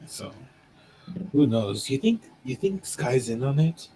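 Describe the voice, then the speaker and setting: A man's voice: medium pitch, animated, takes it slowly, dark tone, a little hiss or hum, rough recording. A man playing a tabletop role-playing game, tossing off wry quips. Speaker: tabletop player. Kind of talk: in-character tabletop role-play.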